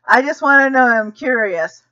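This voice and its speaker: A woman's voice: high-pitched, expressive, normal speed, bright, forceful tone, muffled recording. A woman from Georgia hosting a casual livestream chat, chatty and laughing often. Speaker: podcast host.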